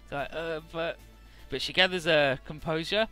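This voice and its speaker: A man's voice: fairly high pitch, moderate pace, pushed and bright, smooth, faint music behind. A man casually recapping a game's story, chatty, with many filler words and the odd swear. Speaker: let's play narrator.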